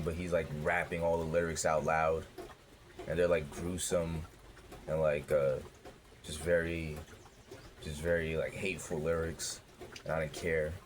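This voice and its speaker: Deep-voiced man telling his story, profane. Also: slight background noise. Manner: profane, candid, animated retelling. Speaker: former doctor telling his life story. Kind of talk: casual storytelling.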